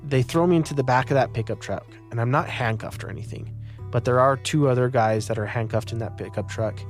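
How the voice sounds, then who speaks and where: A man's voice: mid-range voice, fairly quick, faint music behind. A young man from Utah earnestly recounting his own story in an interview. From Utah, United States. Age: young adult.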